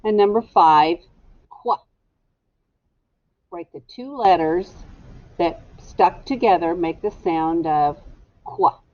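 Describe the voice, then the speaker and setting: This lower-voiced woman teacher is animated as she gives young pupils a spelling test, sounding out every word one syllable at a time, slow and deliberate. Audio is lo-fi with no echo.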